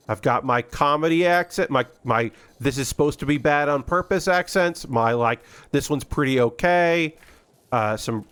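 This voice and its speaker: Male streamer, casual rambling commentary over gameplay, self-deprecating, mid pitch. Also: a bit bright, clear, resonant tone. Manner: rambling, self-deprecating, many fillers and restarts. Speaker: gaming streamer.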